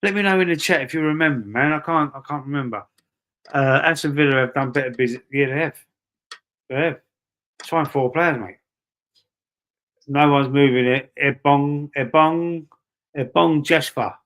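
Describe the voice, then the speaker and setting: A man's voice: a little high, moderate pace, long pauses, a bit bright. Matey Cockney man chatting on stream. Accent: London Cockney. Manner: chatty, matey, rambling with repeated words. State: breathy asthma-wheezy at times. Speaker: livestream host. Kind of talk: casual live chat reading viewer comments.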